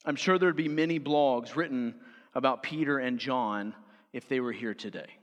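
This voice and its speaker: A man's voice: medium pitch, normal speed, highs cut off. A man preaching a sermon as pastor, driving his points home with firm stresses. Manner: emphatic, rising to forceful stresses. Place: church sanctuary. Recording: church hall with long reverb.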